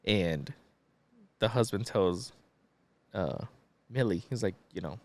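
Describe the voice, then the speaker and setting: A man's voice: fairly low pitch, expressive, takes it slowly. A man co-hosting a podcast, casually retelling a movie plot in a laid-back, profane way with lots of fillers. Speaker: podcast co-host.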